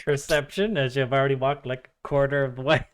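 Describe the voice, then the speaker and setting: A man running a tabletop game as game master, relaxed and quick to laugh with his players. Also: medium pitch, clear, resonant tone. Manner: laughs often, easygoing with players.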